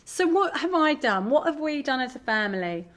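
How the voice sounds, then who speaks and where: A middle-aged woman giving a candid, animated talk to an audience as a parent. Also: high-pitched, normal speed. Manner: animated, candid, self-deprecating. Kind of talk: live presentation to an audience.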